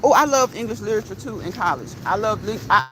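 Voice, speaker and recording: A woman's voice: mid-range voice, lively intonation, fast, a bit bright, slight background noise, low-quality recording. A woman hosting a walking vlog, chatting casually and often checking in with "okay?" and laughing. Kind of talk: casual chat while walking. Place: outdoors on a walk.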